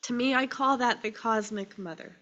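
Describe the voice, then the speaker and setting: Woman, minister, tearful, slow sermon, bright higher voice, dull lo-fi sound. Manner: slow, emotional and tearful, with pauses between phrases. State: crying.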